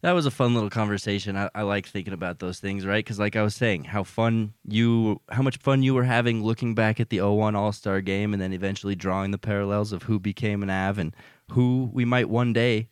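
A man's voice: lowish voice, fairly even intonation, brisk, clean tone, dry recording, clean studio sound. A man co-hosting a casual sports podcast, easygoing and upbeat, steering the talk along. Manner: easygoing, upbeat, wraps up segments. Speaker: podcast co-host.

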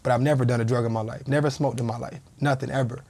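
A man in his thirties tells a story in relaxed conversation, words tumbling out at a brisk pace. He slips into the quoted lines as he goes, voicing the people in it. His voice sits at an ordinary middle pitch. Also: gravelly. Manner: vivid storyteller who acts out quoted dialogue. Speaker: podcast guest, former pro football player.

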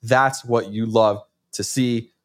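A man hosts a sports podcast in a casual, fired-up way, breaking into shouted-sounding impressions when he quotes someone. His pitch sits in the middle for a man. The recording is dry and close. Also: slow pace, dry recording. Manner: animated, acts out quotes with sudden jumps in pitch.

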